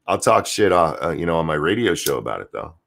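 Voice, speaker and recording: A man's voice: a bass voice, very animated, fast, gravelly, fairly bright tone. A man hosting a livestream, ranting profanely and sarcastically while reading chat comments. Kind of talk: political rant livestream.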